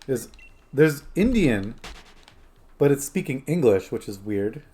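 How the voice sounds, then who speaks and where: A man's voice: mid-range voice, big pitch swings, slow, mellow. A man streaming a game, chatting casually and rambling to his viewers. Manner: rambling, chatty, talking to chat and his phone. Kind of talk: casual live-stream chat.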